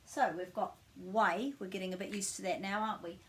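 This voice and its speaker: A woman giving a pronunciation lesson, modelling each sound slowly and repeating it. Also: mid-range voice, fairly even intonation. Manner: slow, drawn-out modelling of sounds with repetition. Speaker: language teacher.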